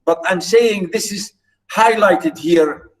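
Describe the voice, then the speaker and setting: Male lecturer, high voice, repetitive, restarts phrases, explanatory. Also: takes it slowly, recorded from a distance, low-quality recording. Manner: stresses British pronunciation. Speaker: literature lecturer.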